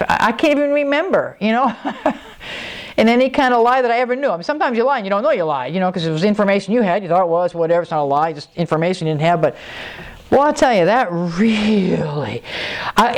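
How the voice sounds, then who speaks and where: A woman pastor preaching a confessional sermon, emotional and halting, her voice swinging high and low. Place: church.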